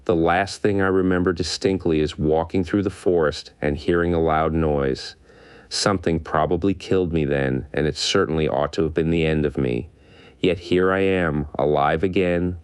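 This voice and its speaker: A man's voice: clear, resonant tone, dry recording, studio quality, close to an everyday voice. A man reading aloud and voicing a gloomy, talkative, thing-like flying creature with an animal's head, in a storybook. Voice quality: squeaky.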